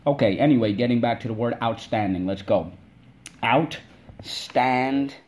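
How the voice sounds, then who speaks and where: A man's voice: on the low side, fast talker, warm tone. A man teaching a spelling lesson to kids, drilling words in call-and-response and stretching them out syllable by syllable.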